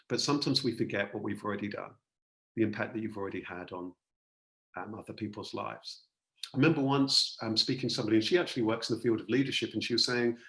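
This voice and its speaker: A man's voice: fairly low pitch, a bit bright, echoey room. A man, a coach and speaker, leading an online masterclass and repeating key words earnestly for emphasis. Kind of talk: online workshop talk.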